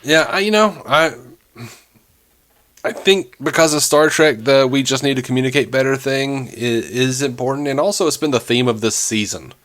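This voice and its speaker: A man's voice: medium pitch, moderate pace, fairly bright tone. Joking male podcast co-host. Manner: laughing, joking, reads listener messages aloud. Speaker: podcast co-host reading listener comments. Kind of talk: casual chat.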